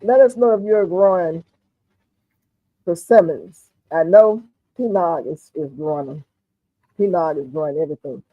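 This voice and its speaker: A woman with a Southern US accent hosting a casual livestream chat, relaxed and talkative, often murmuring "mm-hmm" and reading comments aloud. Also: lowish voice, normal speed, long pauses, no echo. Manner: relaxed, chatty, frequent "mm-hmm". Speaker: livestream host. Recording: dry, phone-like narrow sound.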